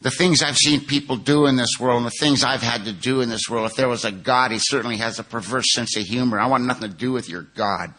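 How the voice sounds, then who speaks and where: A man's voice: mid-range voice, steady tone, fast, few pauses, pushed and bright. A man from California giving an earnest, plain-spoken personal recovery testimony at a 12-step conference.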